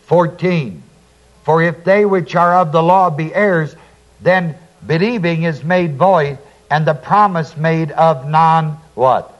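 A man's voice: a little high, lo-fi sound. A man teaching through a Bible passage verse by verse, reading scripture aloud and then explaining it. He asks his listeners to fill in key words. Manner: slow, deliberate, quotes scripture then explains. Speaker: preacher.

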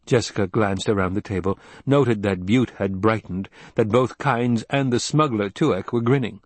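Husky-voiced male audiobook narrator. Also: lowish voice, moderate pace, few pauses, dry recording. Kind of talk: scripted narration.

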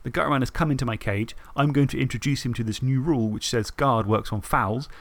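A man on a podcast, telling the story of a tabletop game match in a lively way, swearing and acting out his own thoughts. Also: medium pitch, fast, dry recording. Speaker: podcast co-host. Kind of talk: casual tabletop game recap.

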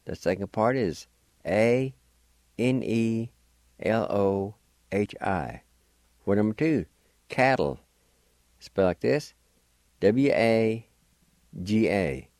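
A man's voice: lowish voice, animated, slow pace, long pauses, darkish tone, dry recording. A man hosting a radio language lesson, spelling words out letter by letter and patiently encouraging listeners to practice. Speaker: radio language teacher and host.

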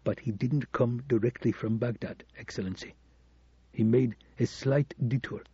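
A man voicing a deferential but scheming male embassy administrator who speaks quietly and respectfully, with sly insinuation. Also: mid-range voice, steady tone, normal speed, husky, dry recording, dull audio. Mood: urgent.

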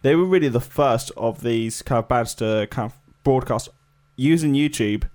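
A man co-hosts a laid-back music podcast, rambling along with plenty of fillers and hedges. His voice sits at a medium pitch with a somewhat dark tone, and he talks at a normal speed.

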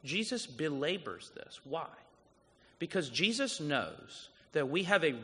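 A man's voice: a little high, big pitch swings, a little slow, a little hiss or hum. Man preaching in a reverberant hall. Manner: storytelling, rising to loud urgent passages then dropping soft. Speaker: guest pastor. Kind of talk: sermon.

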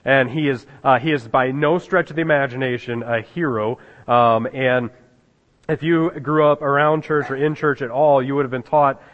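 A male pastor delivers a relaxed, conversational sermon, stopping often to restart his sentences. His voice sits at an ordinary middle pitch. The recording is muffled, and it rings with the long reverb of a large church hall. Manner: halting, many fillers and restarts, chuckles at the text. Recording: dull sound in a reverberant hall.

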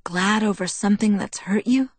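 A woman reading the lines of a calm, protective young man in a soft, measured, reassuring way, recorded on a close studio mic. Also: medium pitch, no room sound, voice pushed up, natural voice. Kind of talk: audiobook dialogue reading.

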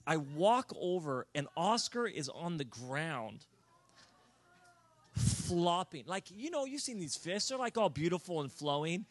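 A man telling a comic personal story in a sermon, animated and building to near-shouts. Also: sits high.

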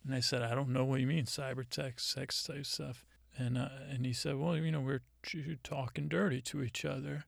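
A man hosting a comedy podcast, retelling a conversation in a rambling, deadpan way with many halting restarts. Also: mid-range voice, creaky, dry recording, studio quality.

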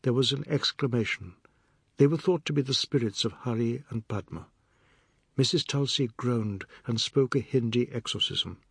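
A man narrating a novel in a measured, steady storytelling manner. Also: mid-range voice, gravelly, breathy edge, no echo, clean studio sound. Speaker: audiobook narrator. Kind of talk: scripted narration.

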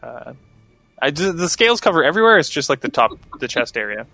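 A man who is a player in a tabletop game, speaking with wry, deadpan humor. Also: on the high side, fast talker, vocal fry, dry recording, faint music behind. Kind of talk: tabletop role-play.

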